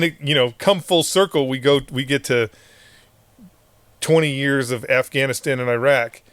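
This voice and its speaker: A middle-aged former Marine hosts a podcast, telling war stories in casual, profane talk. He laughs often and acts out what others said, his voice a little high on a dry recording.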